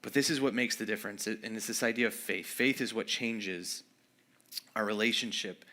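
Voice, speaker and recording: A male pastor delivering a conversational sermon, animated and acting out quoted voices, dropping to a soft low voice for emphasis. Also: normal speed.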